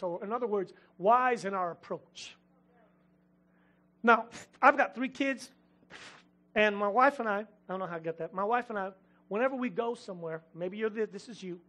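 A middle-aged man preaching a lively sermon in a church, joking with the congregation between points. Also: high-pitched. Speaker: pastor.

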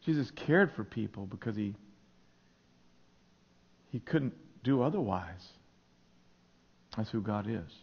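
A man's voice: fairly low pitch, animated, slow pace, gravelly, long pauses, slightly rough. A male pastor preaching a sermon in a church, telling stories in an earnest way. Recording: dull lo-fi sermon recording.

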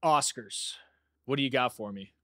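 A man's voice: medium pitch, normal speed, fairly bright tone, dry recording, studio quality. A man co-hosting a podcast in easygoing casual chat, joking and acting out little quotes. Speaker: podcast co-host.

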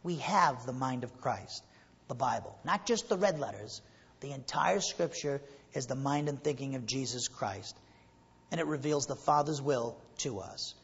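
A man's voice: mid-range voice, lively intonation, normal speed, breathy edge. Man, pastor preaching, emphatic, rhetorical questions, muffled dull recording. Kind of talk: sermon. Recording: muffled recording with long hall reverb.

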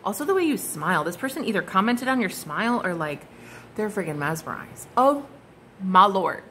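A woman's voice: mid-range voice, sing-song, moderate pace, pushed and bright, a little hiss or hum. A woman giving a casual, gushing tarot reading to her viewers, exclaiming and swearing freely as she turns the cards. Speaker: tarot card reader.

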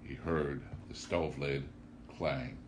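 A man reading a classic novel aloud in a very low, steady voice, unhurried and measured. A faint background hiss runs beneath the reading. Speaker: audiobook narrator.

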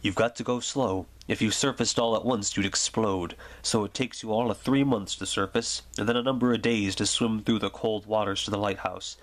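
A man reading the part of a calm, wistful old lighthouse keeper in a quiet, measured ASMR story reading. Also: fairly low pitch, lightly acted.

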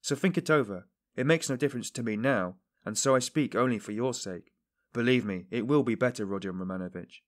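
A man's voice: mid-range voice, brisk, close to an everyday voice. A man voicing an earnest middle-aged police investigator who pleads fervently with a suspect in an audiobook. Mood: urging.

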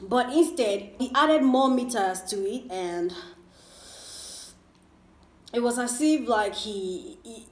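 A woman's voice: fairly high pitch, takes it slowly, pauses often, a little mellow, echoey room. Chatty woman vlogger in her twenties. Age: 20s. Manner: rambling, chatty, full of fillers. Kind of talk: casual mukbang storytime chat.

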